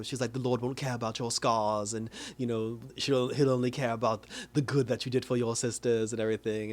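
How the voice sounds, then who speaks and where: A man giving a casual, animated recap of a TV episode, laughing often as he paraphrases what the characters said. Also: medium pitch. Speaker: TV show reviewer.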